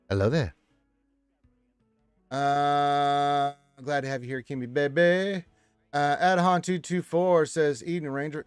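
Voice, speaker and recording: Casual male stream host, lively delivery, dry sound, faint music. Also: clean tone, no echo. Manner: reads chat aloud with lively swings in pitch and loudness. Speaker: livestream host reading chat. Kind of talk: casual chat.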